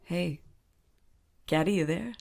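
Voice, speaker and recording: Woman, low voice, gravelly, podcast co-host, rambling, giggly casual chat. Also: slow, darkish tone.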